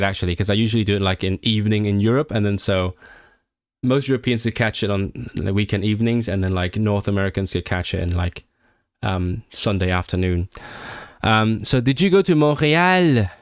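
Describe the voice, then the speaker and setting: A man in his late twenties from Hong Kong chats casually with his livestream audience. His voice sits a little low. He sounds excitable and often restarts sentences, and the recording is dry with no room echo. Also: clear, resonant tone. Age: late 20s. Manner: chatty, excitable, many restarts. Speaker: livestream host. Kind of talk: casual chat with stream viewers.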